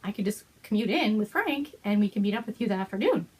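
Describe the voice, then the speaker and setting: A woman hosting a knitting podcast, showing things on camera in a gushing, excited chat, with frequent gasps and whispered exclamations. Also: medium pitch, quick pace, slightly rough. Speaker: host of a knitting and fiber podcast. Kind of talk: excited casual show-and-tell chat.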